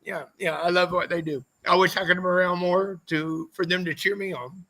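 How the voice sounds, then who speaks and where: High scratchy-voiced guy rambling off cussing race stories, bright sharp tone. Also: steady tone, fairly quick. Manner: profane, rambling anecdotes. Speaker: podcast guest, former motorcycle racer. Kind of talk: casual storytelling interview.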